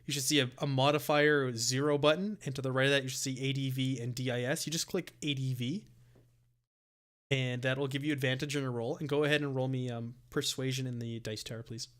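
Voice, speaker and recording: Man as dungeon master, bright voice, explaining rules, easygoing. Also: mid-range voice, fairly even intonation, fairly quick, smooth. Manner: explaining, with restarts. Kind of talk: running a live tabletop game.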